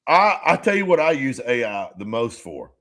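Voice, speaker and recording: A man co-hosting a podcast in casual chat, rambling and halting, full of restarts and swearing. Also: medium pitch, sing-song, fairly bright tone. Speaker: podcast co-host.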